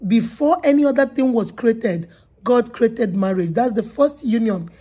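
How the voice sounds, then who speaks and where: A woman's voice: fairly high pitch, expressive, a little slow, warm tone, breathy edge. A woman hosting a channel, speaking earnestly and directly to her viewers after a sermon clip. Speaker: channel host. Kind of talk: casual commentary to viewers.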